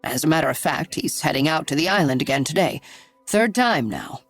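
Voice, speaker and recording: A woman's voice: low-pitched, expressive, fairly quick, no echo, soft background music. A woman reader voicing a chatty, sympathetic elderly man in an audiobook. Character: elderly wealthy man, kindly and talkative.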